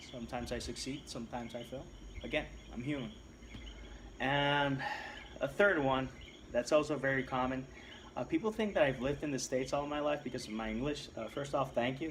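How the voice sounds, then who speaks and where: A man's voice: medium pitch, slight background noise. A man in his thirties from Puerto Rico, answering viewer questions in a casual vlog, rambling and self-deprecating with lots of restarts. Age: 30s.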